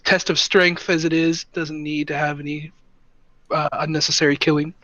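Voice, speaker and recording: A man's voice: on the high side, little pitch movement, moderate pace, bright, forceful tone, no echo. A man playing a tabletop game, chatty and laughing, often hesitating mid-sentence. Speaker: player. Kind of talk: casual tabletop game play. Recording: dull, dry, lo-fi mic.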